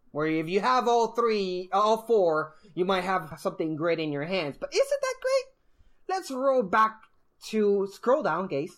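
A man hosting a casual chat about trading cards, animated and quick to laugh. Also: sits high. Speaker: podcast host. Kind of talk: casual card game discussion.

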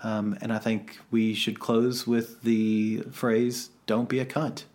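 A man's voice: on the low side, level tone, slow pace, darkish tone. A man co-hosting a podcast in casual chat, rambling and self-reflective with a joking streak. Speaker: podcast co-host.

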